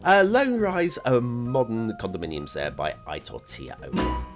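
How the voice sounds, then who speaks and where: A man's voice: fairly low pitch, huge pitch swings, moderate pace, loud music behind the voice. A man hosting a game map review show, talking casually in a rambling, chatty way with chuckling asides. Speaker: host reviewing game maps. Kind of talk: casual commentary.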